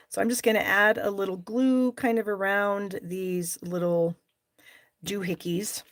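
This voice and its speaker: A woman's voice: mid-range voice, moderate pace, dry recording. A middle-aged woman hosting a live stamping class, chatting with viewers by name and openly frustrated at her own mistakes. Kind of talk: live crafting demonstration.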